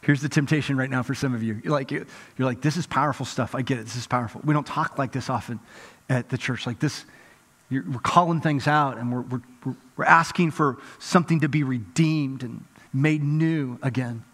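A man's voice: mid-range voice, moderate pace. Man preaching in an echoing church. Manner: dynamic preaching, drops to hushed intensity. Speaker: pastor. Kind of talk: sermon. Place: large church hall. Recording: reverberant church hall.

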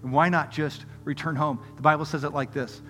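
A middle-aged man preaching a sermon, telling a story in a lively, conversational way, going from loud excitement to quiet earnest appeals. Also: on the high side, brisk. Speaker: pastor. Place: church auditorium. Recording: music under voice in a reverberant hall.

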